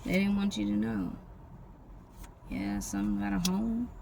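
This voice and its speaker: A gravelly, sing-song mid-range voice delivers a casual tarot reading at a moderate pace, drifting loosely from one image to the next with lots of profanity. Traffic noise from vehicles is audible in the background.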